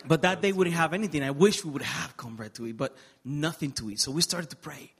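A man's voice: fairly high pitch, quick pace, hardly any pauses, slightly rough. Earnest man. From Dominican Republic. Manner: earnest, emotional storytelling with light humor. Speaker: guest speaker. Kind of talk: personal testimony interview.

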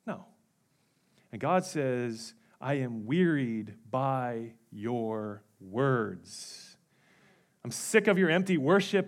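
A man in his thirties preaching a sermon as pastor in a church, swinging between hushed low passages and loud, emphatic outbursts. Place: church sanctuary.

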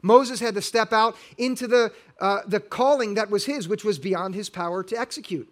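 A man's voice: sits high, normal speed. A middle-aged male pastor preaching a sermon, earnest and building to emphatic exhortation.

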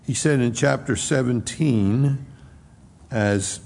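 A man's voice: medium pitch, slow pace, creaky, darkish tone, long reverb tail. A middle-aged man preaching a sermon, reflective, reading scripture aloud in old-style wording. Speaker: pastor. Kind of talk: expository sermon.

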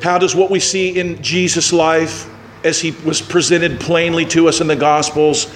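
A man's voice: on the high side, flat delivery, normal speed, a little hiss or hum. A man preaching a sermon as pastor in a church, building to fervent, emphatic delivery. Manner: rising to impassioned emphatic preaching.

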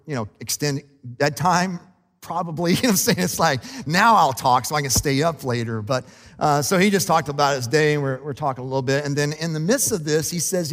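A man who is a pastor, preaching a sermon in a relaxed, conversational and self-deprecating way, laughing often. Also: a little high, a little fast, long reverb tail. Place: church sanctuary.

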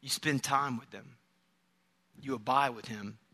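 A man's voice: medium pitch, measured pace, sharp tone, husky. A middle-aged man preaching a sermon, telling stories, acting out the voices of the people he quotes, and repeating key phrases for emphasis. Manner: storytelling, quoting imagined voices, emphatic repetition. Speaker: pastor.

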